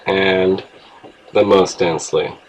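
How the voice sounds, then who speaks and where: A man's voice: low-pitched, steady tone, takes it slowly, a little hiss or hum, poor audio. A man teaching an English grammar lesson, explaining rules patiently and spelling words out letter by letter.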